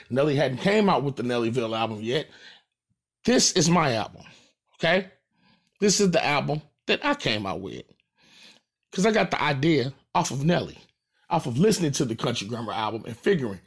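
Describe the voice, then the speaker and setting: A man's voice: medium pitch, very animated, moderate pace, slightly rough. A man from St. Louis with a St. Louis accent, a rapper talking to his fans in a boastful, profane, emphatic monologue. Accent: St. Louis American. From St. Louis, USA.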